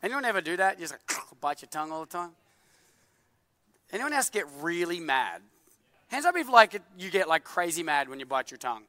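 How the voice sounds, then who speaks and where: A man in his thirties preaching a sermon in a church, animated and joking, full of filler words. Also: a little high, a little fast, dry recording, big-room sound. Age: 30s. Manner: animated, jokey, many filler likes. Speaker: pastor.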